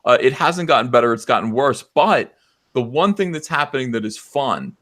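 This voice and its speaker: A man hosting a live stream, ranting loudly and passionately and mocking others in put-on voices. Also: mid-range voice, expressive, moderate pace. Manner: loud, impassioned, mocking impressions. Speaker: livestream host. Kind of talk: heated livestream rant.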